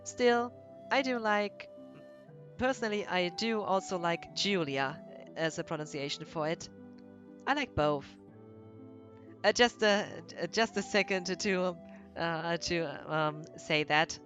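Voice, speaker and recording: A woman's voice: lowish voice, slow, a bit bright, soft background music. A woman, chatting and explaining with many fillers during gameplay commentary. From Germany. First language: German. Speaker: game streamer.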